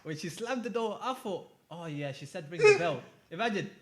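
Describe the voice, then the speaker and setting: Animated young man telling stories. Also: high voice, moderate pace, crowd noise. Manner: animated, laughs a lot, slangy. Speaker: podcast co-host. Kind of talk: casual storytelling chat.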